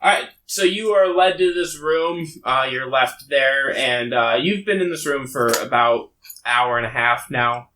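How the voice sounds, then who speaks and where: A man narrating a tabletop game as game master, halting and full of fillers. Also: mid-range voice, pushed and bright, a little hiss or hum.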